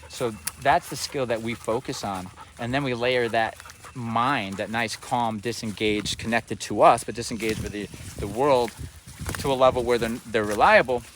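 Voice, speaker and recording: A man's voice: medium pitch, moderate pace, a bit bright. Man explaining dog training outdoors, from afar. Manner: explanatory, often checks in with "right?". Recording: distant mic outdoors, faint background noise.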